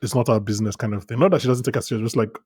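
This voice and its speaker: A man's voice: medium pitch, rapid-fire, a little mellow, breathy edge, no echo, clean studio sound. A man co-hosting a podcast, chatting casually about a TV episode with frequent restarts and easy laughter. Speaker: podcast co-host. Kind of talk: casual TV recap chat.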